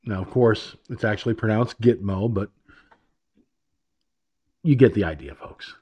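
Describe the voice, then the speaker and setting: A man's voice: on the low side, unhurried, dark tone, husky. A man hosting an internet radio show, delivering a sarcastic, rambling political monologue and repeating himself.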